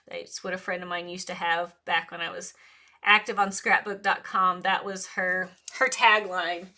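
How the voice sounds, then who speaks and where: A woman with a bright, clear voice hosts a live crafting session from her desk. She rambles casually and talks to herself as she works, with frequent laughs. Her tone stays loose and conversational. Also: medium pitch, fairly even intonation, normal speed. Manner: rambling, self-talk while working, laughs often. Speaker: craft live-stream host. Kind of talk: chatty live crafting demo.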